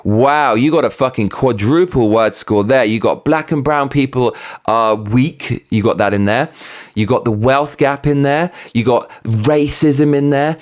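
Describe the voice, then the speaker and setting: A man's voice: mid-range voice, a little slow. A man hosting his own show, ranting heatedly with plenty of swearing and sarcastic mockery. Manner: sarcastic, mocking. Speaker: host. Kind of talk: opinion rant.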